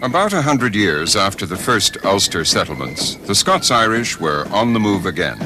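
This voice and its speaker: A man reading scripted documentary narration in a measured, expressive way. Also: lowish voice, loud music behind the voice.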